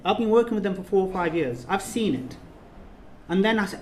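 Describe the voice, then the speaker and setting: An earnest man gives a heartfelt thank-you speech in a reception room, repeating key phrases as they build. His voice sits fairly high for a man. The room is reverberant, with a faint hum of ambience behind him. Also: expressive, a little fast, darkish tone. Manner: earnest, repetitive, building to emphatic peaks. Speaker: course leader giving a speech. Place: reception room of an official residence.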